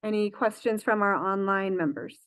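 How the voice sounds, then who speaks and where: A woman's voice: mid-range voice, fairly even intonation, normal speed, fairly bright tone, clean tone, no echo. A woman presiding over a public school board meeting, running motions and votes with frequent fillers and self-corrections.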